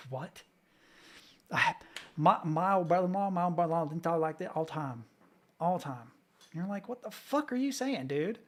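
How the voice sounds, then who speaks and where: A man from Kentucky reacting casually to videos as a streamer, chatty, swearing freely and laughing often. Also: high-pitched.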